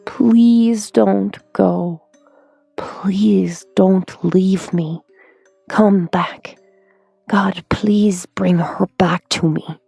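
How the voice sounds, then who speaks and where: A woman's voice: mid-range voice, fairly even intonation, extremely slow, creaky, warm tone, husky, no echo, faint music behind, heavily acted. A woman voicing a desperate grieving mother in a black veil, speaking with a German accent in broken, whispered pleas. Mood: pleading.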